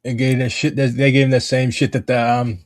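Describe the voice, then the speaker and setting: A man's voice: medium pitch, level tone, fairly quick, no echo. A man hosting a casual political chat, talking in a rambling, profane way with lots of fillers.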